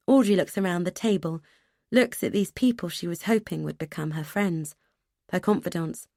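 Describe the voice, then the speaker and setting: A woman narrating a suspense audiobook in a measured, even way. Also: on the low side, gravelly, no room sound, clean studio sound.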